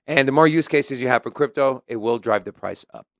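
A man's voice: medium pitch, a little fast, gravelly, no echo, studio quality. A man co-hosting a casual podcast, reading news aloud and commenting in a chatty way. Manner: chatty, reads article quotes then comments. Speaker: podcast co-host.

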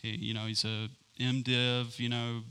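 Man, Bible teacher, bright forceful tone, eager, rambling, lots of fillers. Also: mid-range voice, flat delivery, a little slow, clear, resonant tone. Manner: enthusiastic, rambling with many fillers.

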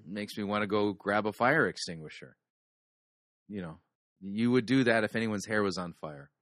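A man's voice: fairly low pitch, normal speed, fairly bright tone, no echo, studio quality. Wisecracking man critiquing a sermon. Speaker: sermon review host. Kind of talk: critical commentary on a sermon clip.

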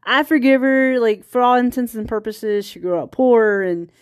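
A woman's voice: a little high, normal speed, no room sound, studio quality. A woman from small-town Virginia with a rural Virginia accent, hosting a casual solo podcast and rambling through her thoughts with frequent restarts and laughs. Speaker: podcast host.

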